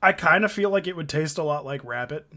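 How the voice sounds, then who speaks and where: A man's voice: fairly high pitch, expressive, brisk, pushed and bright. A young man from Canada, hosting a casual podcast, joking around and laughing often as he acts out silly voices. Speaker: podcast host.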